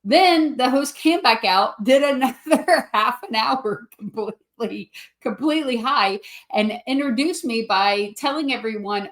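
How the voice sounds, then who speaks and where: A woman's voice: a little high, measured pace, fairly bright tone. A woman from Kentucky cohosting a comedy podcast, chatting casually and laughing through her stories. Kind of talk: casual chat, storytelling.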